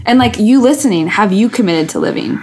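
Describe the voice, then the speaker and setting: A woman's voice: fairly high pitch, expressive, quick pace, slightly rough. A woman, a podcast guest, talking candidly and earnestly, telling personal stories with many restarts and fillers.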